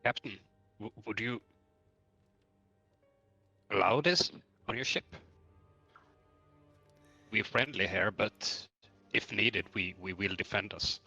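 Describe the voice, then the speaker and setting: A man's voice: on the low side, takes it slowly, vocal fry, pauses often, bright, forceful tone, slightly rough, no echo, dull audio, soft background music, exaggerated voice. A man voicing a wary adventurer in a tabletop game, speaking from off the mic. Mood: guarded.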